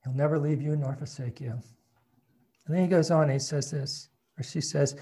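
A man's voice: on the high side, fairly even intonation, normal speed, slightly rough. Man preaching in a conversational sermon. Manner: conversational, emphatic, swings into soft hushed reading. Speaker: pastor.

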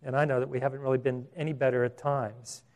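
A man preaching a sermon as pastor, earnest, restarting phrases and slowing down for emphasis. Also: mid-range voice, flat delivery, a little mellow.

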